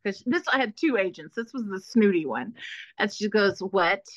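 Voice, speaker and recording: A woman's voice: mid-range voice, animated, normal speed, no echo, highs cut off. A woman from Texas hosting a casual interview, bubbly and full of filler words. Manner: bubbly, lots of "like" and restarts. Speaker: podcast host.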